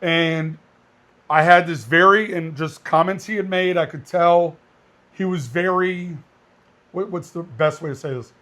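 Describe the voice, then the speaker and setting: High-voiced blunt man co-hosting a podcast. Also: unhurried. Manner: blunt, animated storytelling. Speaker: podcast co-host, firearms instructor. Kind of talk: casual podcast chat.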